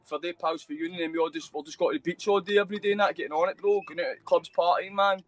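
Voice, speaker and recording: Speaking rapid-fire in a high voice with fairly even intonation, a young Scotsman with a Scottish accent tells his story as a guest on a live video call. It's a casual storytelling interview full of rambling, free swearing and constant mate and bro, on a low-quality recording.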